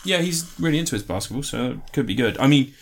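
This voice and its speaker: A man chatting loosely about movies with a friend. His pitch swings widely and lively as he talks. He swears freely and jumps into goofy impressions. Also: fast talker, creaky. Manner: animated, swears freely, breaks into silly put-on voices. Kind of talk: casual film chat.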